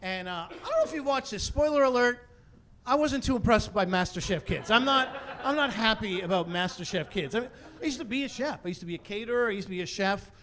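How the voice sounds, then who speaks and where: Stand-up comic, man in his forties, high voice, animated storyteller who ramps into fake outrage. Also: fast. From Canada. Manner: animated storyteller building to mock-indignant rants. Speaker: stand-up comedian. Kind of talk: stand-up comedy routine. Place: comedy stage before a live audience.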